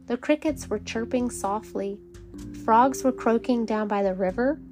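A woman reading a bedtime story aloud to children, gentle and calm. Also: fairly high pitch, a little slow, faint music behind. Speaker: storybook reader.

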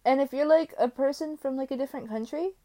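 A woman from the United States hosting her own podcast in a casual solo chat, rambling and excitable as she jumps between topics with many fillers. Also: high voice, quick pace. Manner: swings between loud exclamations and quiet mumbling. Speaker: podcast host.

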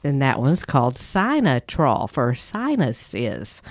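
A woman's voice: extremely low pitch, big pitch swings, slow pace, no room sound. Chatty woman explaining products. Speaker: podcast co-host. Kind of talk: casual health podcast chat.

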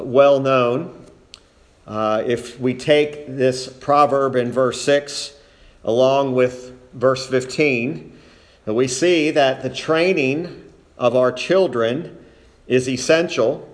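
A man delivering a sermon at a very unhurried pace, leaning on single words to drive home his point. His voice sits in an ordinary middle pitch and stays measured throughout. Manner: slow, deliberate, stresses key words. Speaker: pastor.

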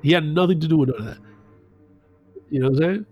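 A man's voice: fairly high pitch, fast talker, a little mellow, soft background music. A man retelling a story in casual chat, loose and profane, acting out the voices.

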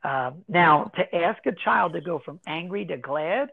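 Man, fairly high voice, gravelly, animated, tinny phone-like sound. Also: a little slow. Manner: animated, acts out children's voices while explaining. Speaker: guest, anti-bullying educator. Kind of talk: casual interview talk.

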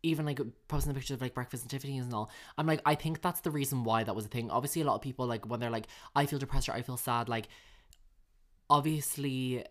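A woman co-hosting a podcast in casual chat, animated, swearing freely and talking in quick bursts. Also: rumbling low. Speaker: podcast co-host.

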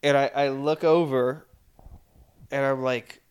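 A man's voice: medium pitch, little pitch movement, unhurried, clean tone. A young man co-hosting a podcast, telling a story in casual chat and mimicking voices in quotes. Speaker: podcast co-host.

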